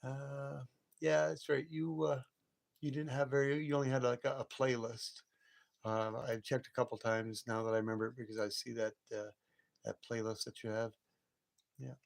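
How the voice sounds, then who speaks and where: A man hosts a casual late-night live stream from his home, talking straight to his viewers. He rambles from one thought to the next and chuckles often. His voice sits at an ordinary middle pitch. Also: flat delivery, moderate pace, gravelly.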